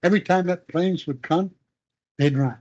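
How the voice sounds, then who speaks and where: Older man recalling wartime in halting speech. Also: sits high, dark tone. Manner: halting, rambling recollection with restarts. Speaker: interviewee. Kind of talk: oral history storytelling. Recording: dull lo-fi recording.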